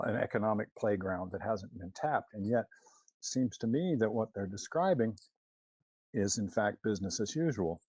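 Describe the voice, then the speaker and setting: A man's voice: on the low side, darkish tone, slightly rough, no echo. A man presenting a talk over his slides, hesitant with many fillers and restarts, questioning and critical of what he quotes.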